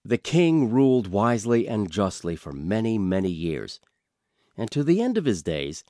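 A man reading a storybook aloud in a radio studio, slow and expressive. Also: deep voice, no echo. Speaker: audiobook reader.

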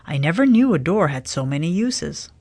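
A woman's voice: sits low, big pitch swings, normal speed, no echo, exaggerated voice. A woman reading as a kindly good-natured old man. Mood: cheerful. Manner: warm, easygoing, sprinkles Spanish words. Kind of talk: storybook reading.

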